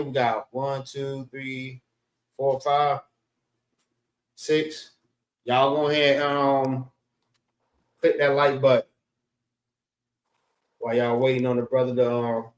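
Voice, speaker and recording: A man teaching a class in a casual, drawn-out way, often checking in with "all right?". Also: medium pitch, a bit bright. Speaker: class instructor. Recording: echoey room.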